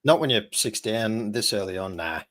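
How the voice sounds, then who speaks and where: A man's voice: fairly low pitch, expressive, moderate pace, a bit bright. A man co-hosting a casual sports watch-along, giving easygoing opinions and short reactions. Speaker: podcast co-host. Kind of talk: casual match commentary chat.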